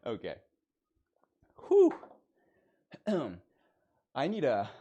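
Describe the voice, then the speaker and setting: Playful young male streamer, lively voice. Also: mid-range voice, drawn-out words, pauses often. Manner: playful, joking, laughs often. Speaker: streamer playing a teacher persona. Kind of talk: casual live-stream chat.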